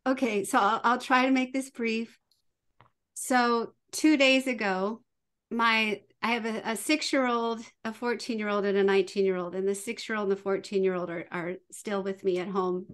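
A middle-aged woman, a podcast guest, telling a family story in a lively, casual way. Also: mid-range voice, normal speed. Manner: lively, acts out her children's voices.

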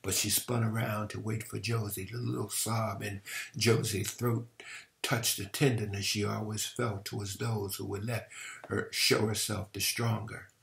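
A man reading a novel aloud in a measured storytelling manner, now and then restarting a phrase. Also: on the low side, level tone, creaky, a bit bright.

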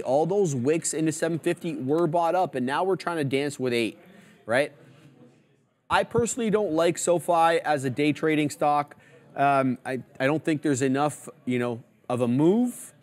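A man hosting a live trading show, giving casual, chatty market commentary as he walks through stock charts. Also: a little high. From Canada.

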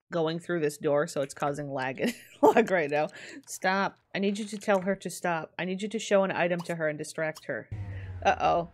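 A woman casually commenting on a life simulation game as she plays, chatty and excitable, laughing often. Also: mid-range voice. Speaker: streamer. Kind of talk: casual let's-play commentary.

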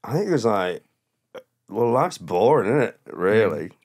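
A man's voice: on the low side, sing-song, measured pace, darkish tone. A comedian guest on a podcast telling rambling anecdotes and often laughing at his own stories. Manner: quotes people in a raised, mocking voice. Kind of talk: casual podcast storytelling.

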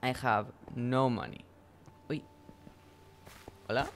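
A man's voice: mid-range voice, takes it slowly, vocal fry, fairly bright tone, a little hiss or hum. A man streaming a game live, playful and given to laughing asides. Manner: playful, laughing, slips into Spanish exclamations. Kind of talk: live gameplay chat.

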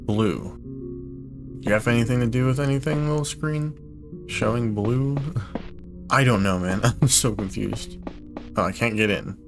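Man, young, gaming commentary, cursing, confused, startled shouts, game music behind. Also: medium pitch, a little slow, vocal fry, long pauses. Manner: frustrated, swearing a lot, bursts of loud surprise. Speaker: gaming YouTuber. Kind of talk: let's play commentary.

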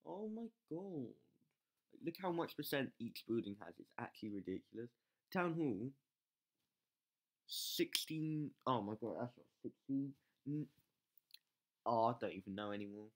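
A gamer commentating live gameplay, excitable, yelling at troops, swearing and mocking themself. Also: medium pitch, measured pace, long pauses. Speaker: game channel host.

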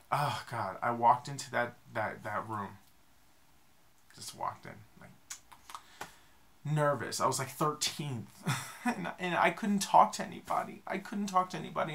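A young man vlogging, telling a rambling, self-deprecating story in a casual, animated way. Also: medium pitch.

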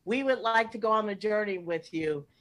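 A woman's voice: medium pitch, normal speed, a bit bright. An older woman improvising a comedy scene over a video call, brash and swearing freely.

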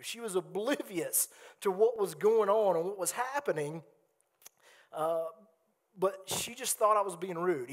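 A man preaching a sermon as a teaching pastor, telling a personal story in a conversational way before reading scripture aloud. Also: high-pitched. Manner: storytelling, conversational with quoted asides.

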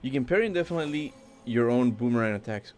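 A young man casually commenting on his gameplay during a livestream, excitable, swearing freely and talking to his chat. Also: medium pitch, fast talker, a little hiss or hum. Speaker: game streamer.

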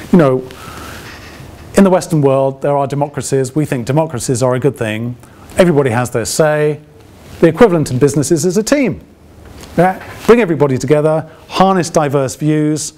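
A man's voice: fairly high pitch, warm tone. A man giving an open lecture to alumni in a conversational way, often checking with the audience through rhetorical questions and dry, ironic asides. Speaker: guest lecturer.

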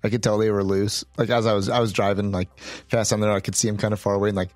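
A man co-hosting a podcast, talking slowly and haltingly as he thinks aloud in casual chat. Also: fairly low pitch, little pitch movement, a little mellow, dry recording, soft background music. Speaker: podcast co-host.

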